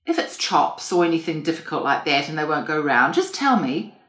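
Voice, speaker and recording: A woman's voice: deep voice, sing-song, moderate pace. A woman reading an audiobook, voicing a frank, awkward young woman who speaks bluntly. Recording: roomy echo.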